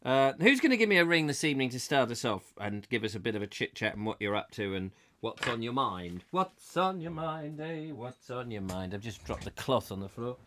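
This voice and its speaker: The same call-in host, still getting over a cough, talks fast at medium pitch with hardly any pauses. He rambles and jokes with callers, laughing frequently in a lively, chatty style, and slight background noise is audible.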